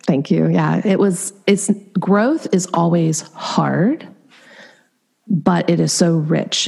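A woman's voice: fairly low pitch, vocal fry, husky. A middle-aged woman, a coach being interviewed, telling her story candidly and with animation, with plenty of "um" and "like". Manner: candid, animated, frequent fillers. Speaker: Enneagram coach and guest.

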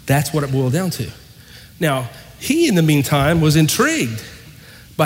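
Male pastor, sermon, animated storytelling, higher voice, long hall reverb. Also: moderate pace. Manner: animated, acts out quoted dialogue. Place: church.

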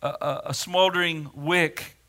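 A male pastor preaching a sermon in a dramatic way, swinging from hushed words to loud ones. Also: on the high side, fairly even intonation, measured pace.

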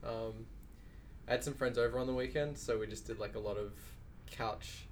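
A man's voice: medium pitch, steady tone, moderate pace, a little hiss or hum. A man chatting casually and enthusiastically about games, rambling with fillers.

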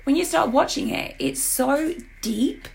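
A woman's voice: sits high, unhurried, vocal fry, a little mellow, slight background noise. A woman with a sore throat co-hosting a podcast, chatting casually and animatedly about TV shows. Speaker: podcast co-host. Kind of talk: casual chat.

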